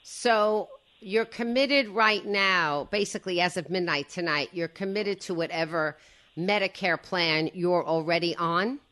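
Husky-voiced woman radio host. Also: measured pace, fairly bright tone. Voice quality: husky, low throaty voice. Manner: chatty, digresses with asides. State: hoarse from a slight cold. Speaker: radio talk show host. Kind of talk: casual radio chat.

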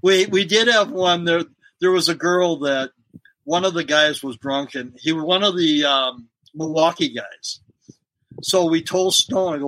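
Middle-aged man, bright forceful voice, a bit high, chuckling storyteller, dry close mic. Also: moderate pace, no room sound, rough recording. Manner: laughs often while telling stories. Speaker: guest, former pro wrestler. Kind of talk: casual storytelling interview.

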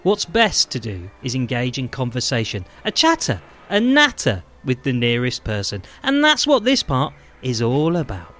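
A man's voice: mid-range voice, huge pitch swings, normal speed, hardly any pauses, sharp tone. A man co-host reading a scripted segment introduction with a theatrical delivery.

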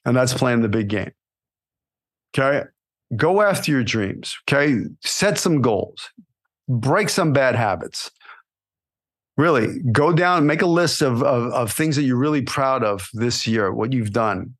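A man delivers a motivational monologue to aspiring actors on his podcast. His voice sits at a middling pitch, and he coaches with energy, pushing his listeners and checking in with a "right?" after his points. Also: a little slow. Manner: energetic, coaching, repeats "right?" and "you know". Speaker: podcast host and acting coach.

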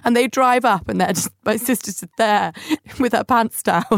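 A woman's voice: fairly high pitch, moderate pace, creaky, no echo, studio quality. A woman hosting a podcast, telling funny stories in a chatty way and acting out the quotes. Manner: chatty, animated anecdotes with acted-out quotes. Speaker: podcast host. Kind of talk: casual storytelling monologue.

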